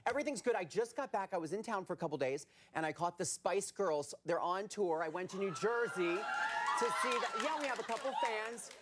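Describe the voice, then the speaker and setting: A man in his thirties, a guest on a late-night talk show, chatting in a campy way with quick comic asides. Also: high voice, expressive, noisy background. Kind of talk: animated late-night chat. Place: television studio with audience.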